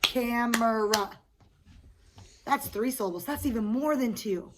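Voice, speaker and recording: Her fairly high, expressive voice is a little mellow and moves fairly quickly. As an elementary school teacher, she patiently encourages a small group of young children through a lesson and praises them often. Children chatter noisily in the classroom around her.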